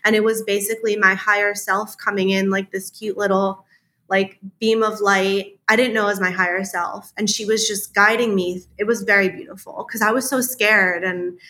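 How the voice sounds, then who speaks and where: A woman talking as a podcast guest in a relaxed chat, full of fillers and acting out the things she said in her head. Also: mid-range voice, normal speed. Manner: chatty, many fillers, acts out her own inner dialogue. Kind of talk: casual storytelling interview.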